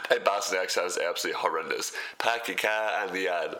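A man's voice: deep voice, moderate pace, sharp tone. A young man narrating a casual food vlog, chatty and laid-back, who laughs often. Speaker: food vlogger.

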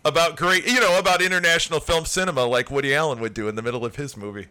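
A man's voice: fairly high pitch, fairly even intonation, fast talker, bright, forceful tone, clear, resonant tone. A man co-hosting a casual film podcast, laughing often as he jokes about a movie. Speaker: podcast co-host. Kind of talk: casual film-review chat.

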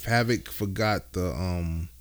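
A man's voice: low voice, slow, smooth. A man co-hosting a casual podcast chat, laid-back and full of slang, laughing often. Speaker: podcast co-host.

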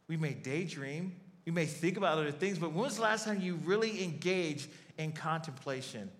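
A man's voice: on the high side, normal speed. A man preaching a sermon in an earnest way, repeating key phrases for emphasis. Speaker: pastor. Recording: long hall reverb.

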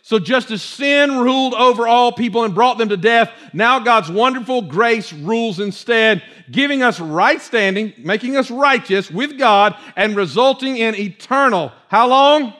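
A male pastor preaching a fervent sermon to his congregation in church, repeating phrases and building to near-shouts. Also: very high voice, animated, normal speed, hardly any pauses.

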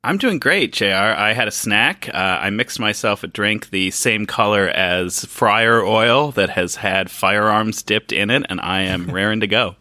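A man's voice: on the low side, steady tone, a little slow, hardly any pauses, pushed and bright, dry recording, studio quality. A man co-hosting a podcast, trading jokes and playful wisecracks in casual chat. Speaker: podcast co-host.

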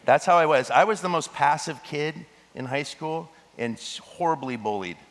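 A man preaching a sermon as pastor, animated, with joking asides and laughter. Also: on the high side, normal speed. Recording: long hall reverb.

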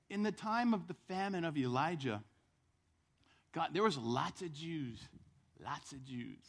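A male pastor preaching a sermon in church, telling the story with lively acted-out voices. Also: on the high side, vocal fry.

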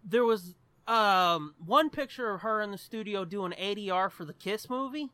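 High, bright-voiced man in animated banter. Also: normal speed, dry recording. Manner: animated, swears a lot, rambling. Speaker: podcast co-host. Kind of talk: casual chat.

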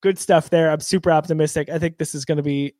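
A man's voice: a little high, fairly even intonation, fast talker, a little mellow, no room sound. An enthusiastic man co-hosting a casual gaming podcast, talking upbeat about a new movie. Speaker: podcast co-host.

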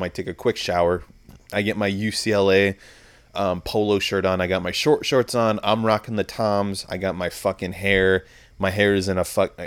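A young man hosting a podcast, telling a story in a rambling, heavily profane casual monologue. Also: on the low side. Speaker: podcast host.

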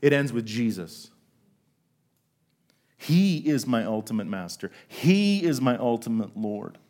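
A middle-aged man preaching a sermon to a congregation, telling a story from his own working life and slowing down to stress key words. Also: medium pitch, big pitch swings, a little mellow. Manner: storytelling, asks the congregation questions, slows for emphasis. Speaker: pastor.

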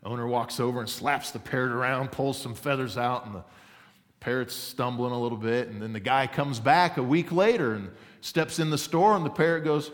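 A man's voice: mid-range voice, brisk. A man preaching a sermon as pastor, earnest and building emphasis as he tells a story. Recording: reverberant hall.

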